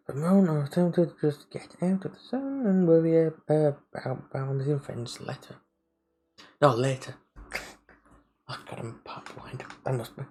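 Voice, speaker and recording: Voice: mid-range voice, measured pace, warm tone, slightly rough, rough recording. A streamer on a live game play-through, reading the story text aloud and stopping to comment, often stumbling over and restarting words.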